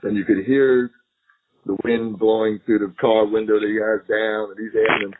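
A man's voice: fairly low pitch, moderate pace, husky. A middle-aged man, a retired agent, telling a long story in an interview. He laughs often and acts out what others said. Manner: animated, laughing storyteller who acts out quotes. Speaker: retired FBI agent, podcast guest. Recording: tinny phone-line audio.

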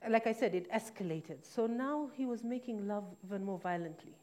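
A woman's voice: medium pitch, expressive, moderate pace, dark tone. A woman telling a painful personal story in a candid, reflective way, now and then correcting herself. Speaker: guest telling her own story.

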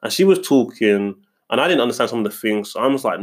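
A man's voice: mid-range voice, expressive, quick pace. A young man in casual chat, telling a story indignantly and rambling, with many restarts. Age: young adult.

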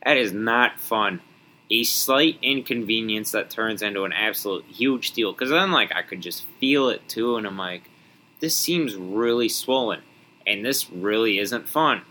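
A man's voice: on the low side, pushed and bright, poor audio. A young man from Wisconsin hosting a solo podcast, rambling and joking with mock indignation. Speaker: podcast host.

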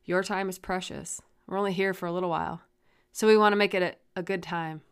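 A woman hosting her own podcast, rambling and swearing, moving from flat musing into heated ranting. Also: lowish voice, fairly quick, smooth. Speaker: podcast host. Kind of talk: solo podcast rant.

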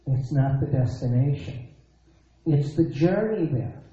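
A man's voice: medium pitch, expressive, unhurried, mellow. A man preaching a sermon, emphatic, repeating his phrases and asking rhetorical questions. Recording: echoey dull lo-fi sound.

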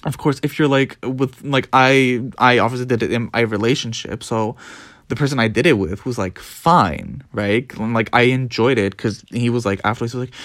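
Young man, Dutch accent, native Dutch speaker, casual rambling podcast monologue, lively swooping pitch, profane and animated, dry close sound. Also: moderate pace, dry recording. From Netherlands. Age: young adult. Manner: animated, profane, mimics others in squeaky voices. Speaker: podcast host.

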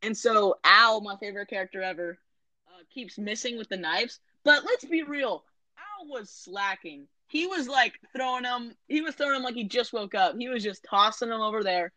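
A woman's voice: a little high, animated, moderate pace, pushed and bright, no echo, rough recording. A woman in casual chat recapping a movie, rambling, correcting herself and tossing in sarcastic asides.

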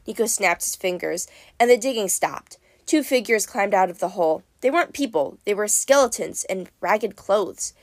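A woman's voice: medium pitch, animated, normal speed, no echo. Woman reading a first-person audiobook. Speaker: audiobook narrator.

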